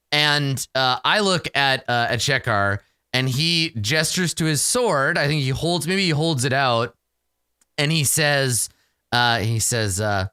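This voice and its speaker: Bright, crisp-voiced man playing solo. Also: medium pitch, lively intonation, a little slow, dry recording, clean studio sound. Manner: casual, self-mocking. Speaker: solo game player and narrator. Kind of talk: narrating a solo tabletop game.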